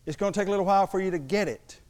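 A man's voice: sits high, racing, darkish tone. A man preaching a sermon as pastor to his congregation, emphatic and mixing in humorous asides.

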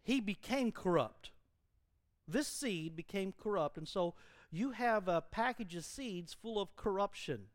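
A middle-aged male pastor preaching an animated sermon in a church, mimicking fiery preachers and laughing at his own jokes. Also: sits high, measured pace, no room sound, clean studio sound.

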